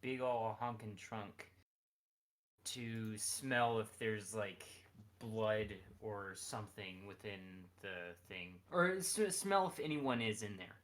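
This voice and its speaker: A man playing a tabletop game over voice chat, talking in a hesitant, halting way. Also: lowish voice, a bit bright. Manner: hesitant, halting, full of restarts. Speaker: player.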